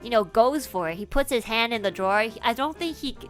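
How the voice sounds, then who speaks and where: A woman's voice: fairly high pitch, brisk, soft background music. Giggly young woman telling a story. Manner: animated, giggly, casual swearing. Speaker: streamer. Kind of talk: casual storytelling.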